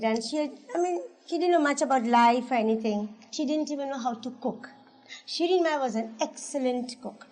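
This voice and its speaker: Woman, Indian English accent, fairly high voice, lively anecdotal storytelling, laughs often. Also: rough recording. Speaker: interviewee. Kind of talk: oral history storytelling. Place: religious center.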